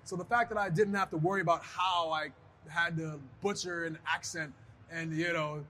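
A man speaking high and bright, with faint noise in the background. He tells stories in a lively interview chat and acts out other people's voices as he goes. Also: moderate pace. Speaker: guest, pro wrestler. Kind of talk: casual interview storytelling.

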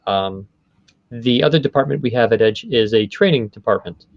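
A man's voice: mid-range voice, normal speed, dry recording, muffled recording. A man who runs a voice studio, explaining his field in a conversational interview, often stopping to rephrase. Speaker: voice studio owner.

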